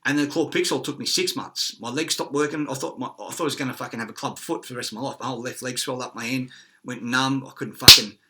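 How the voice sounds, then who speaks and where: A man's voice: medium pitch, fairly even intonation, fast talker, pushed and bright. A man with an Australian accent ranting in an agitated, profane, rambling monologue.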